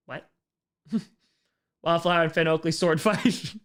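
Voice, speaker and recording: A man's voice: on the high side, level tone, moderate pace, pauses often, a bit bright, clear, resonant tone. A man hosting a casual livestream Q&A, reading out viewer questions and answering in a chatty way that repeats phrases.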